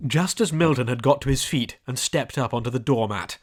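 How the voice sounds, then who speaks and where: A man narrating a storybook audiobook in a lively, descriptive way. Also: mid-range voice, a little fast.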